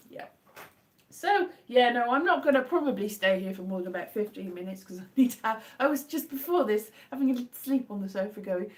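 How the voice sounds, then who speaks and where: A woman, hoarse from a cold and sore throat, chatting in a rambling, self-deprecating way on a casual live stream from home. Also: on the high side, animated, moderate pace. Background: her own faint guitar strumming.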